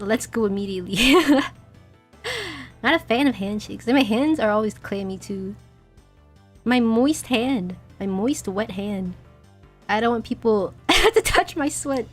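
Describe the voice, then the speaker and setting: A young woman streaming a game, chatting casually in a giggly, rambling, self-deprecating way, her throat a little dry and husky. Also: a little high. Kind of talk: casual gaming stream chat.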